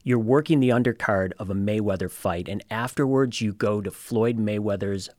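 A male host leads an interview with a lowish voice. He sets up a story for his guest in a measured way. The sound is dry and close, with no room echo. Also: darkish tone. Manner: prompts the guest with setup questions. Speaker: podcast host.

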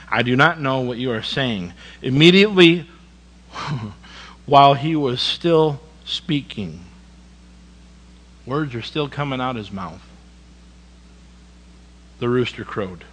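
A male pastor preaching a sermon, reading scripture dramatically, with folksy conversational asides and sudden quiet emphasis. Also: medium pitch, low-quality recording.

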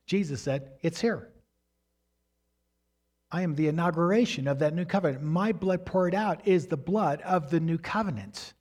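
A man preaching a sermon with emphatic delivery, swinging up and down in pitch and loudness, and referring to slides as he teaches. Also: moderate pace. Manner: emphatic preaching, rising and falling in pitch and volume. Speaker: pastor.

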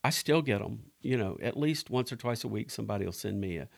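A man's voice: lowish voice, expressive, creaky. A middle-aged man, talking casually on a podcast and restarting his sentences often. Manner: halting, with many restarts. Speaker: director of ministries.

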